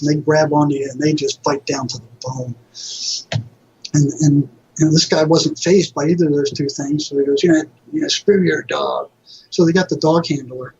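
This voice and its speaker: Husky man telling vivid stories. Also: fairly high pitch. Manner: animated anecdotes, acting out quoted people. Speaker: guest, mental health counselor. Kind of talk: conversational storytelling. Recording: dull lo-fi audio.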